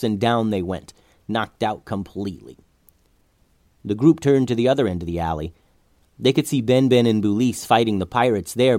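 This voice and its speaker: A man's voice: mid-range voice, a little mellow, no echo, clean studio sound. A man narrating an adventure story aloud, building tension through the action scenes.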